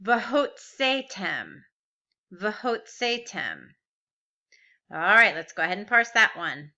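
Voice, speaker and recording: A woman's voice: medium pitch, big pitch swings, slow, bright, forceful tone, highs cut off. A woman teaching a recorded grammar lesson, patiently walking through verb forms step by step and asking rhetorical questions. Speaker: Biblical Hebrew teacher.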